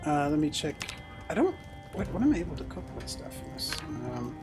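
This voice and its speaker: A man's voice: fairly high pitch, sing-song, fairly quick, loud music behind the voice. A man streaming a game, chatting casually, laughing often and swearing offhandedly. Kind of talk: casual chat while gaming.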